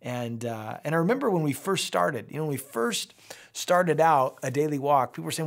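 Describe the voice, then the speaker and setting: A middle-aged man, a pastor, giving a daily devotional Bible teaching in a warm conversational way, speaking to his viewers directly. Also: a little high, lively intonation, brisk.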